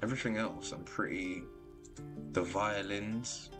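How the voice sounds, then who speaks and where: A man giving casual commentary while streaming a video game. He is animated and excitable, and he laughs often. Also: fairly low pitch, unhurried. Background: game music.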